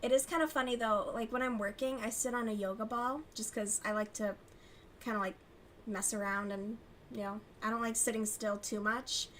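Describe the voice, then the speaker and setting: A woman's voice: a little high, fairly even intonation, moderate pace, a bit bright, slight background noise. A young woman hosting a crochet livestream, chatting casually with viewers, swearing and laughing often. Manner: profane, gossipy, laughs often. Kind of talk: casual chat with chat readers.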